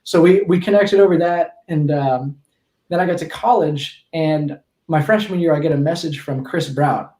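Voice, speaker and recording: A man in his twenties talks through a story as a podcast guest, in a slightly high voice that keeps restarting and correcting itself. His casual rambling carries a noticeable echo from the room around him. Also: normal speed, mellow. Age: 20s.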